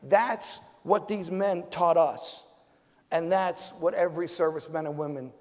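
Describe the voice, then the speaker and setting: A man's voice: a little high, a little slow. A man in his forties, a decorated veteran on a forum panel, giving a fired-up speech full of rhetorical questions. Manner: fiery, rhetorical questions, loud bursts. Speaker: Medal of Honor recipient panelist. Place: large event hall. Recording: hall reverb.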